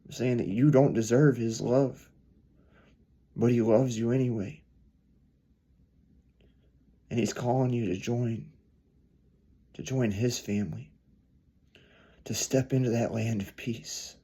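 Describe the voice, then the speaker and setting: A man preaching a storytelling sermon, earnest, swelling louder then dropping soft. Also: mid-range voice, fairly even intonation, takes it slowly, long pauses, breathy edge.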